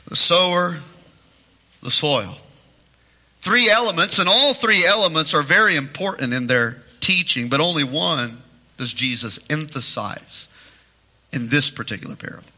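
A man preaching a sermon as pastor in a church, with a rhythmic, repetitive cadence that swings between loud emphatic peaks and low near-whispers. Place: church sanctuary.

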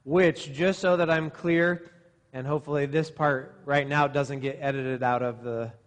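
A man's voice: mid-range voice, fairly even intonation, a little slow. A middle-aged male pastor preaching to young men, using sarcasm and exaggeration to make his point. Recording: long reverb in a hall.

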